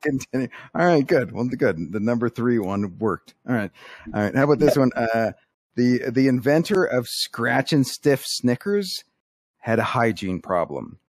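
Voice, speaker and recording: A man runs through a string of corny one-liners on a casual podcast and delivers them deadpan. His voice sits at a middle pitch, and the sound is close and dry with no room echo. He keeps nudging his listeners to laugh. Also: unhurried. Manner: deadpan joke delivery, coaxing laughs with "come on". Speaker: podcast co-host telling jokes.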